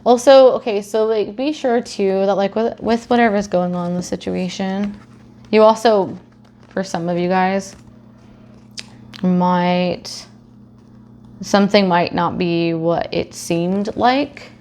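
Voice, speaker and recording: A woman's voice: mid-range voice, fairly even intonation, slow pace, warm tone, slight background noise. A young adult woman giving a casual tarot reading, chatty, swearing freely and acting out silly scenarios. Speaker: tarot reader.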